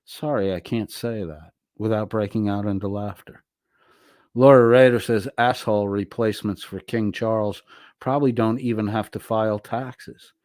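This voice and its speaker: A man's voice: on the low side, steady tone, normal speed, darkish tone, dry recording, studio quality. A man hosting a livestream, reading viewer comments aloud and answering them in a crude, mocking, profane way. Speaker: livestream host.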